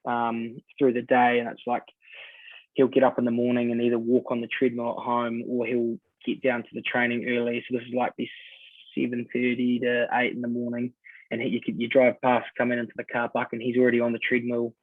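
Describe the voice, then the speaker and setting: A man's voice: medium pitch, a little fast, no room sound. Laid-back New Zealand man, tinny sound. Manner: relaxed storytelling, many ums and sort-ofs. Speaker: guest rugby player. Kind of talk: casual podcast chat. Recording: dry, tinny phone-like sound.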